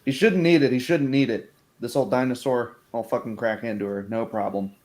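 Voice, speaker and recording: A man's voice: mid-range voice, a little fast, darkish tone. Cocky, swearing man player. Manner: cocky, profane banter. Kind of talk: in-character tabletop game play.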